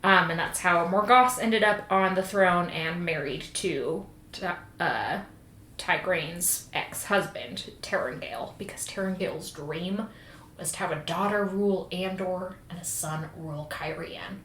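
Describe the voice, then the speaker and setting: A woman co-hosts a podcast, recapping a book with animated, profane storytelling. Her voice sits in a roomy space with a faint hiss behind it. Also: on the low side, measured pace. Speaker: podcast co-host. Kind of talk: casual chat recapping a book. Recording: roomy sound with faint noise.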